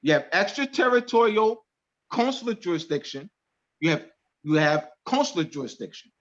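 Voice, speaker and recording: High-voiced man lecturing over a dull call. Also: sing-song, normal speed. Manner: emphatic, repeats key phrases. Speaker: class instructor. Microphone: video call.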